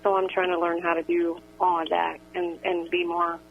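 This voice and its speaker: A woman's voice: lowish voice, flat delivery, normal speed, creaky, a little hiss or hum. A woman calling in to a radio show, polite and hesitant, searching for her words. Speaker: caller. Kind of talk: phone call to a radio show. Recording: tinny phone line on radio.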